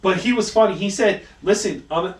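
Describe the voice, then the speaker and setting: Animated storytelling man in an echoey room. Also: high-pitched, normal speed. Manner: animated storyteller, acts out quotes, swears freely. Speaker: podcast co-host. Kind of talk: casual chat. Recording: echoey room, mic at a distance, faint hiss.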